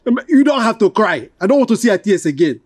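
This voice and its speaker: Nigerian stammering, consoling male friend, animated pitch. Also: no echo, studio quality. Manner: halting, consoling, repeats himself. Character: sympathetic male childhood friend consoling a widow.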